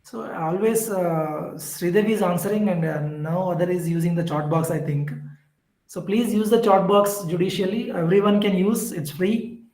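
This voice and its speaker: A male teacher with a fairly high voice gives an online exam-prep lecture, repeating key terms and correcting himself as he works through each point. The room has a noticeable echo. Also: moderate pace, a little mellow. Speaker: English literature teacher.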